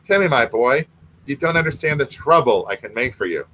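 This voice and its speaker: A man's voice: mid-range voice, lively intonation, brisk, bright, forceful tone, slight background noise, low-quality recording. A man doing a sly, taunting little ogre. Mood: wheedling. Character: mean mischievous little male ogre.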